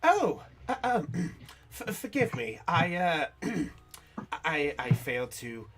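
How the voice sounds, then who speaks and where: High, quavering young woman NPC, gushy and stammering, lively voice. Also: slow. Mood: gushing, teary. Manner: effusive, stammering. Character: adult woman with long red hair, gushing and teary.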